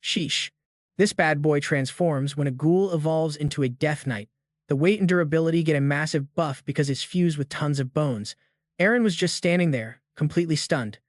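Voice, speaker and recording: A man narrates a comic recap with a slightly raised pitch and a slangy, hyped-up delivery. The sound is dry and close, with no room around it. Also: moderate pace, no echo. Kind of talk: scripted narration.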